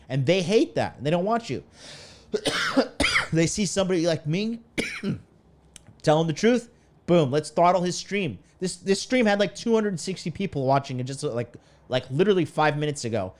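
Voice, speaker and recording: A man's voice: fairly high pitch, animated, normal speed, long pauses. A man streaming live, ranting in a profane, fired-up, preachy way as a dating coach. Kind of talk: casual livestream rant.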